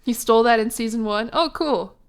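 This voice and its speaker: A woman streamer chatting casually with her chat while playing a game, with giggly asides and thinking out loud. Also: on the high side, fairly quick, smooth.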